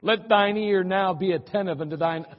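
A man's voice: high voice, moderate pace, in a large hall, lo-fi sound. A male pastor giving a sermon, telling a folksy story and reading scripture aloud in an archived church recording. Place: church sanctuary.

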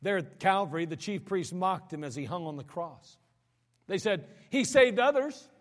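A man preaching a sermon, swinging between raised emphatic lines and sudden quiet drops, often repeating words as he builds a point. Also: fairly high pitch, normal speed. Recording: long hall reverb.

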